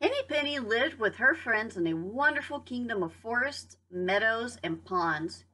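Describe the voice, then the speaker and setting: A woman teacher reading a picture book aloud to young children, in a lively, expressive way. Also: fairly high pitch, normal speed, slightly rough. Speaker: preschool teacher.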